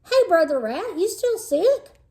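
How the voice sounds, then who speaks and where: Woman doing a high brash little schoolboy, cocky and pushy, storybook read-aloud. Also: unhurried, heavily acted. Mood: brash teasing. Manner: brash, excitable, pushing to sound cool. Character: cocky fourth-grade boy trying to act tough.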